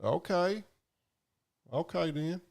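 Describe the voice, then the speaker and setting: Gravelly man rambling on a livestream. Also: on the high side, animated, takes it slowly, a little mellow. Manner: rambling, profane, drawling. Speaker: livestream host. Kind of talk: casual live-stream chat reading viewer comments.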